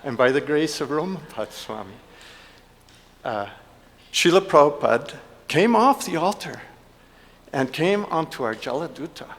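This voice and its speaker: A man giving a heartfelt personal speech to a congregation, halting, with many fillers and restarts. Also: a little high, expressive, fairly bright tone. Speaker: devotee giving a festival offering. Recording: long hall reverb.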